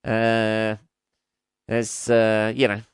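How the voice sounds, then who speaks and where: A man's voice: low voice, unhurried, fairly bright tone, clean tone, dry recording, studio quality. A man hosting a solo podcast, ranting casually with lots of swearing and sarcasm, laughing at his own jokes. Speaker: podcast host.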